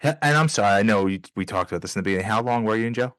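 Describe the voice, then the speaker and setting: A young man hosts a casual interview and chats in an easygoing way, with quick joking asides. His voice sits low for a man. It is recorded dry on a close mic. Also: expressive, fairly bright tone, dry recording. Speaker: podcast host.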